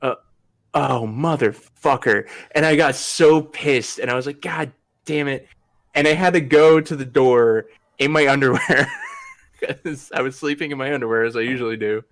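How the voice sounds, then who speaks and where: A man's voice: mid-range voice, brisk. A young man on a podcast, casually telling a rambling story, laughing often and swearing freely. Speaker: podcast host.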